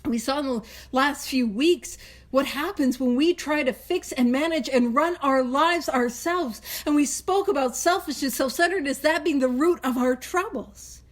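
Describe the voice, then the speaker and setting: A woman's voice: high voice, normal speed. A woman hosting a recovery book study, teaching in a chatty, casual way, laughing often and wandering into tangents.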